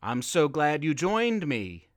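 Man voicing a storybook cave monster: slow, deep, menacing, dry close sound. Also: big pitch swings, no room sound.

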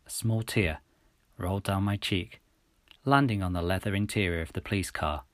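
A man reading a first-person story aloud in a measured, steady way. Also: low voice, no echo, studio quality.

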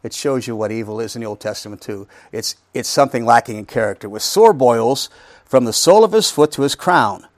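A man's voice: medium pitch, expressive, brisk, dry recording. Man teaching a Bible study lesson. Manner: reads scripture aloud then explains it, asking rhetorical questions; conversational with frequent restarts.

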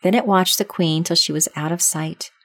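Brief: woman narrator, measured storybook reading, dry sound. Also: on the low side, fairly even intonation, fairly bright tone, no echo.

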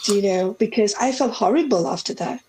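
A woman's voice: medium pitch, fairly quick, mellow, rough recording. Reflective woman sharing a heartfelt story. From Singapore. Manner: heartfelt, reflective, with many restarts. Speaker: podcast guest. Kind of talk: emotional personal storytelling.

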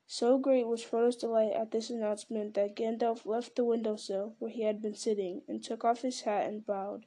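Woman with a mellow reading voice. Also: fairly high pitch, level tone, moderate pace, hardly any pauses. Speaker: audiobook reader. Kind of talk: reading a novel aloud.

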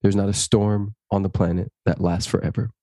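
A man's voice: lowish voice, brisk, no room sound, clean studio sound. A man, a guest in an interview, telling a personal story and acting out the dialogue in it. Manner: animated, acts out dialogue in his stories.

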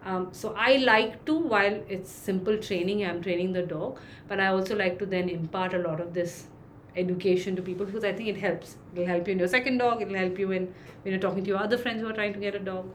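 A woman's voice: medium pitch, steady tone, quick pace, slight background noise. A woman, a dog trainer answering interview questions and acting out little examples as she explains. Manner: explains with acted-out examples, many fillers.

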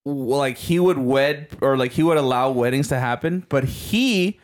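A man's voice: mid-range voice, moderate pace. A man co-hosting a podcast in casual chat, rambling and laughing easily as he restarts his sentences. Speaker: podcast co-host.

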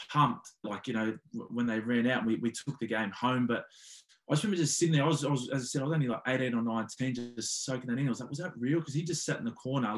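Man telling a locker-room story. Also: mid-range voice. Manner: loose, animated anecdote telling with swearing. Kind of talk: casual storytelling.

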